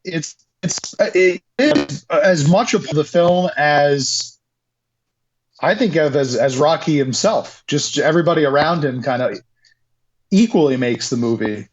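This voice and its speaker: Guy cohosting a movie podcast, rambles and stops and starts, kinda high voice, dull muffled audio. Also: slightly rough. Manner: rambling, halting, with restarts and laughs. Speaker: podcast co-host. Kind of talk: casual movie discussion.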